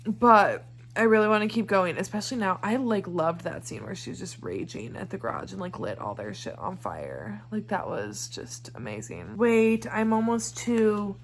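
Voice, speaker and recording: Young woman vlogging about a book she just read, rambly and emotional, swears a lot, mid pitch. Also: big pitch swings, moderate pace, a little hiss or hum. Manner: emotional, rambling, swears, laughs through tears. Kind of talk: casual reading vlog chat.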